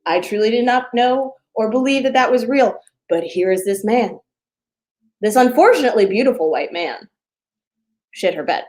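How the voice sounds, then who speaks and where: Playful woman comic in her twenties, fairly high voice. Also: expressive, normal speed, a little mellow. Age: 20s. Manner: storytelling with many fillers and playful asides. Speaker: stand-up comedian. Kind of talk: stand-up comedy set. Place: home, performing on a video call.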